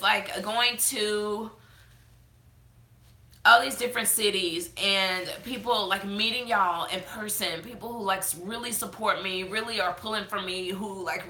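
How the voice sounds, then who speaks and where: A woman talks casually to her viewers in a bright, forward voice. She rambles with plenty of fillers and restarts, tearful as she holds back crying. The sound carries the echo of a bare room. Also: medium pitch. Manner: chatty, heartfelt, many fillers and restarts. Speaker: beauty vlogger hosting a live chat. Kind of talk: casual live-stream chat reading comments.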